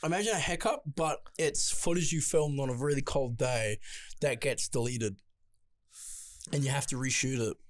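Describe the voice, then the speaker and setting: A man's voice: medium pitch, moderate pace, no room sound. A young man co-hosting a podcast in casual chat, laid-back, with lots of ums and free swearing. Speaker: podcast co-host.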